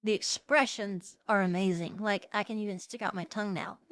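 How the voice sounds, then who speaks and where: A young woman hosting a live stream, chatting casually with viewers, giggling often and filling pauses with "um" and "uh.". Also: medium pitch, smooth, dry recording. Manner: chatty, giggly, lots of fillers. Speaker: VTuber streamer host.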